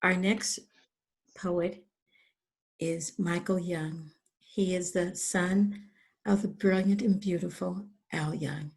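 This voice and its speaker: A woman's voice: lowish voice, steady tone, slow, vocal fry, darkish tone. A woman hosting a poetry reading, introducing the next poet in a friendly, admiring way. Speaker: event host. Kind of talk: casual introductions.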